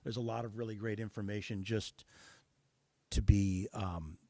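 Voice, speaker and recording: A man from the United States, a guest musician talking in a relaxed interview, thoughtful and pausing often with fillers. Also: lowish voice, no echo. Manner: thoughtful, many hesitations and fillers. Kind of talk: casual interview talk.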